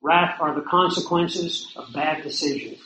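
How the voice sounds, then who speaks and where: A man's voice: fairly high pitch, a little slow, sharp tone. A man preaching a sermon in a conversational way, asking his listeners rhetorical questions. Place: outdoors or lodge near hills and prairie. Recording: roomy echo, faint noise.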